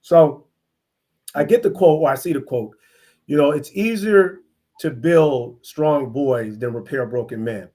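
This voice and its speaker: A middle-aged man from East Oakland, telling his life story as an interview guest, earnest and halting with many restarts. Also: fairly high pitch, mellow. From East Oakland, California. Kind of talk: reflective personal storytelling.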